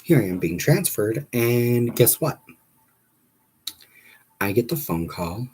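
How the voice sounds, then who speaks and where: A man hosting a live stream, telling a story in a casual, animated, exasperated way and talking straight to his viewers. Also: medium pitch, takes it slowly, breathy edge. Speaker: livestream host.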